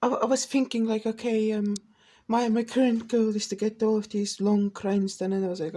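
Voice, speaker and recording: A woman's voice: medium pitch, fairly even intonation, normal speed, warm tone, slight background noise. A woman vlogger ranting casually, profane and rambling, with many restarts. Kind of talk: casual rant to camera.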